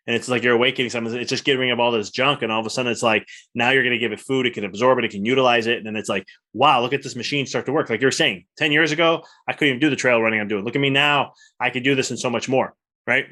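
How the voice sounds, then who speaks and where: A man's voice: medium pitch, bright, forceful tone. A man hosting a podcast, a chiropractor, talking in a rambling, enthusiastic way with lots of repeated words. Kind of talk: casual interview chat.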